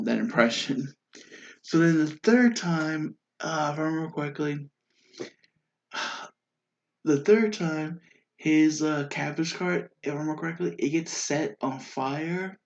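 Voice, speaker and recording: A man giving a casual, enthusiastic spoken review, rambling with lots of fillers and restarts. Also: medium pitch. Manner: excited and enthusiastic. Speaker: YouTube show reviewer. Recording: dull lo-fi sound.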